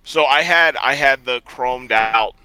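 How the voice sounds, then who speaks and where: Bright-voiced man telling stories. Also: mid-range voice, slow, clean tone, no echo, poor audio. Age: adult, past college. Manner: animated, acts out quoted voices, swears, laughs often. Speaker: podcast co-host. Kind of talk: casual chat, storytelling.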